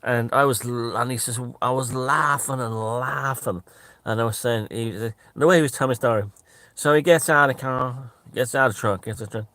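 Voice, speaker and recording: A man's voice: medium pitch, a little fast, bright, forceful tone, no room sound. A man telling a rambling story in casual talk, repeating phrases and restarting often. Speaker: author and storyteller.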